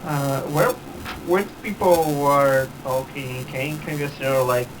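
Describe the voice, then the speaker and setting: A man's voice: mid-range voice, fairly even intonation, slow, background noise. A man playing a tabletop game who hesitates and asks the game master a lot of questions. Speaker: player. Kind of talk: casual tabletop play.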